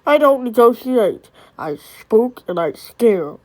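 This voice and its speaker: Brash mocking male ghost prankster, pushy and loud, voice pitched somewhat high, as a woman puts him on. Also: very animated, takes it slowly.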